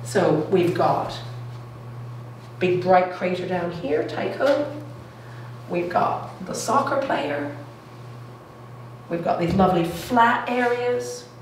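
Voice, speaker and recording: A middle-aged woman delivers a public science lecture in a lecture room, enthusiastic and animated, often checking in with "okay?" and "all right?" Her fairly low voice moves slowly with long pauses, captured on a distant mic in an echoey room with faint noise.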